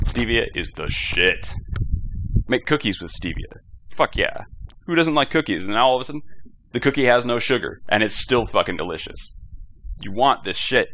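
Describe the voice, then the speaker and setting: A man's voice: on the low side, bright, forceful tone, a little hiss or hum. A young man hosting a solo podcast, ranting in a profane, rambling, jokey way, recorded on a cheap gaming headset. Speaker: podcast host. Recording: dull lo-fi headset audio.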